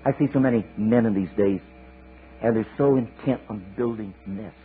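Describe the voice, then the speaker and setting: A man preaching a sermon, telling a story in a folksy, animated way with chatty asides. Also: lowish voice, normal speed. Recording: tinny lo-fi sermon tape with hiss.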